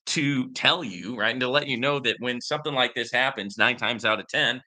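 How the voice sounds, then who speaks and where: A man's voice: mid-range voice, a little fast, sharp tone. A man hosting a casual finance commentary show, talking in a rambling way with lots of fillers and addressing viewers as guys. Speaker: crypto investment show host. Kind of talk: casual live-stream commentary.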